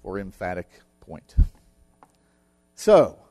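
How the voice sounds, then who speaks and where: Slow, earnest male preacher. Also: sits low, huge pitch swings, dark tone, a little hiss or hum. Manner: earnest, emphatic storytelling with repetition. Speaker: pastor. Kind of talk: sermon.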